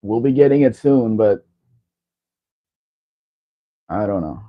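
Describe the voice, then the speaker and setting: Man, livestream host, casual rambling chat, lowish voice, muffled lo-fi sound. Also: expressive, takes it slowly. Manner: rambling, chatty. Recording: dull lo-fi stream audio.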